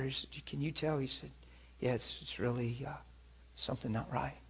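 A man preaching a sermon and telling his own story, animated, swinging between hushed and loud, often chuckling as he speaks. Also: medium pitch, moderate pace, slightly rough. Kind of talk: sermon with personal testimony.

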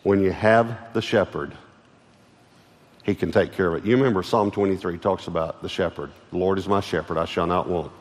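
A man's voice: sits low, fairly even intonation, brisk. A middle-aged man with a Texan accent, preaching a sermon as pastor, emphatic and often restarting his phrases. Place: large church auditorium. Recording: long hall reverb with faint music.

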